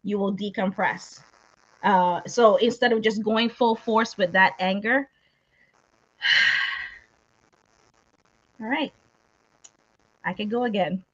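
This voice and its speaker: A woman guest in casual chat who laughs often and explains ideas in quick lists. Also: medium pitch, a bit bright. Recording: dull lo-fi sound.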